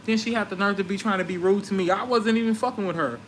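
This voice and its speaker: A man's voice: high-pitched, quick pace, slight background noise, rough recording. Brash, profane man ranting. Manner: brash, confrontational, animated retelling. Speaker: vlogger. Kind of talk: profane storytelling rant.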